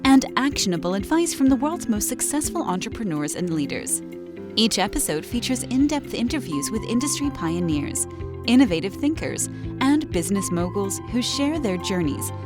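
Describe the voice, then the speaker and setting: A woman reading a polished, promotional podcast intro. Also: mid-range voice. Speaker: announcer. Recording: over background music.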